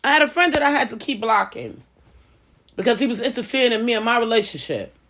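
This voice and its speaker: A woman's voice: animated, fast, fairly bright tone. Woman giving heartfelt life advice. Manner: conversational, preachy, repeats phrases, acts out dialogue in lower voice. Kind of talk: casual personal talk.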